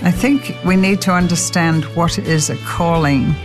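A woman's voice: fairly low pitch, normal speed. An older woman preaching a sermon, telling stories animatedly and acting out quotes. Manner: animated storytelling with acted quotes. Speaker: Christian speaker. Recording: long hall reverb with faint music.

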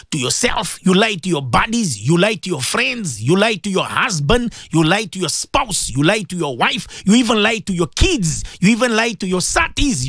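A man giving an impassioned radio sermon to his listeners, emphatic and repetitive, with sudden leaps in pitch. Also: a bit bright, no echo, studio quality. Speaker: radio presenter giving religious advice.

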